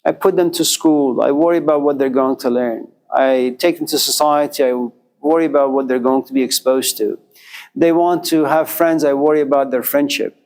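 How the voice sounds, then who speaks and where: A man's voice: medium pitch, moderate pace, darkish tone. A man lecturing to a class, telling a life story in a repetitive, rhythmic way with quoted inner voices.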